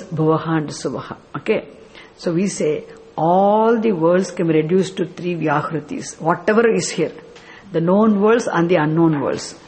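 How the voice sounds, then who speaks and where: Teaching a scripture class, a man with a slightly high, somewhat mellow voice works through the material step by step. As a spiritual teacher, he uses rhetorical questions and chants verses along the way.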